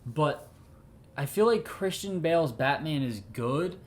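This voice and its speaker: A young man co-hosting a casual movie chat, animated, often repeating words as he restarts his point. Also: a little high, measured pace. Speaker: podcast co-host.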